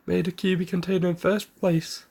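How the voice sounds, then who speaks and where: A man's voice: sits high, level tone, a little fast, vocal fry, darkish tone. A man voicing a clever, serious young ninja boy who speaks earnestly and plainly.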